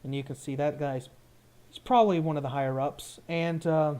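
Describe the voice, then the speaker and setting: A man's voice: a little high, steady tone, moderate pace, warm tone, clear, resonant tone. A man narrating as game master, describing scenes in a loose, rambling way with many restarts.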